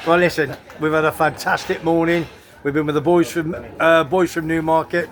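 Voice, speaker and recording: A man's voice: fairly high pitch, level tone, moderate pace. A man hosting a casual football chat show, talking in a chatty, rambling way with restarts. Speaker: host. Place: home in Tenerife.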